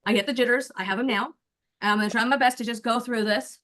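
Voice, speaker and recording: This woman in her forties is a fast talker with a slightly high, bright voice, speaking on a video call. She chats casually and animatedly, coaching her listeners directly, then switches to running through a prepared speech.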